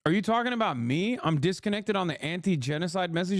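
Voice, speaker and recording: A man's voice: high-pitched, expressive, quick pace, dry recording, studio quality. A man live-streaming, ranting at his chat in a profane, combative way. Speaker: live streamer reacting to a clip. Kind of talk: heated casual stream rant.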